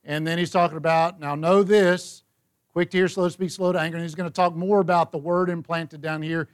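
A man's voice: a little high, little pitch movement, fast talker, smooth. A man leading a Bible study, reading verses and explaining them in a conversational way. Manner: conversational, reads scripture aloud.

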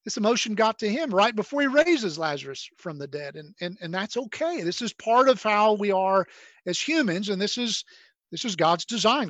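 A man's voice: high-pitched, fairly bright tone, no room sound. A male pastor preaching a sermon, reading scripture aloud and explaining it in a conversational way, with many restarts.

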